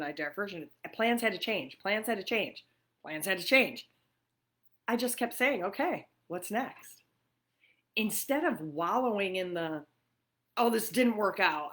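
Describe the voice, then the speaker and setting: A middle-aged woman from New York hosts a casual livestream chat from her living room, talking freely with frequent fillers and laughs. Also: medium pitch. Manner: chatty, warm-hearted and laughing often, with many fillers. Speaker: livestream host.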